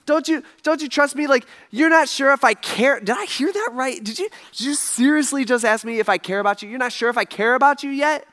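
A man's voice: very high voice, a little fast, few pauses, bright, forceful tone, voice pushed up. A preacher acting out Jesus as weary and exasperated, firing incredulous questions at his followers.

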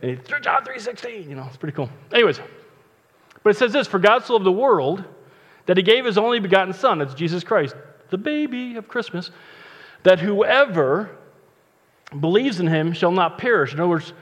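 A man preaching a casual sermon as pastor, chatty and joking between Bible readings. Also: high-pitched. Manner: chatty, joking asides, conversational. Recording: long reverb, dull lo-fi sound.

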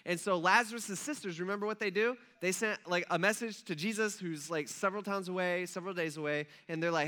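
A man's voice: sits high, fairly quick, sharp tone. A man preaching a casual sermon, talking conversationally, asking the audience questions and acting out stories. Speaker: pastor.

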